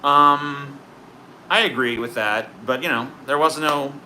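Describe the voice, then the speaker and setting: A man's voice: mid-range voice, slow, sharp tone, a little hiss or hum. A man streaming live, chatting in a profane, sarcastic, rambling way as he answers his chat. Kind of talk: casual livestream chat.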